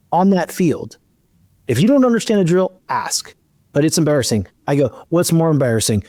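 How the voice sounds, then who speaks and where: A man's voice: mid-range voice, no room sound, clean studio sound. A middle-aged man hosting a podcast, telling a long story in a casual chat and acting out the dialogue. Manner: animated, acts out dialogue in his storytelling. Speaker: podcast host.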